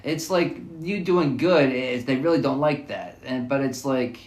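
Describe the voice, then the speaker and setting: A man's voice: medium pitch, measured pace, echoey room. A man musing through a rambling, repetitive spiritual monologue, looping back over his phrases as he thinks aloud.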